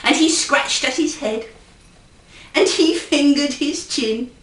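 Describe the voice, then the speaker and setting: A woman's voice: high-pitched, takes it slowly, fairly bright tone. A woman comedy poet and ventriloquist reciting a rhyming fairy tale in a playful, sing-song way. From England. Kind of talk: storytelling verse recitation. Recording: roomy, distant mic.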